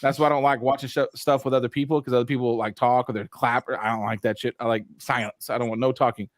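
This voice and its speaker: A man hosting a casual review chat, animated and acting out scenes in little voices. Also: medium pitch, quick pace, no room sound, studio quality. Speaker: host.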